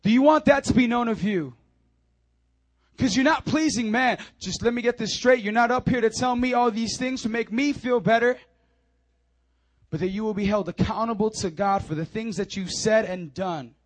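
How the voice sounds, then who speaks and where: A man pastor preaching a sermon, animated, swinging between loud urging and quiet, close talk, with repeated calls like "come on now.". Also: high-pitched, normal speed.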